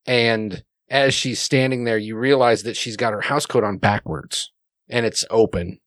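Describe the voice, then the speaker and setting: A man's voice: mid-range voice, steady tone, measured pace, fairly bright tone, no echo, clean studio sound. A man narrating a tabletop game as game master, rambling with many fillers.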